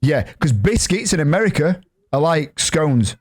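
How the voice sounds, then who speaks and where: A man with a Yorkshire accent hosting a casual podcast, chatty and jokey, reading out shout-outs. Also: a little high, very animated, normal speed. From Yorkshire, England. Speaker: podcast host.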